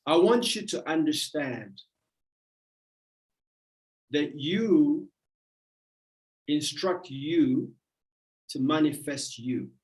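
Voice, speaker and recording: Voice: medium pitch, expressive, very slow, long pauses, darkish tone. A motivational speaker giving a livestream talk, emphatic and repetitive in a preacherly way. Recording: roomy echo.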